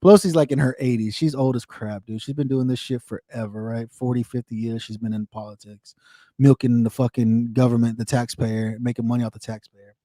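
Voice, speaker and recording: A man's voice: medium pitch, fairly even intonation, fairly quick, warm tone, dry recording, studio quality. An American man hosting a casual livestream, ranting with profanity and answering viewer comments in a frustrated tone. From United States. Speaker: livestream host.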